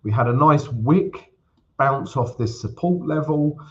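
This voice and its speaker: A man's voice: medium pitch, a little slow, darkish tone, dull audio. A man hosting a casual livestream, chatting with viewers and walking through a currency chart. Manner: chatty, addresses viewers as guys, greets chat by name. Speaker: forex trading livestream host.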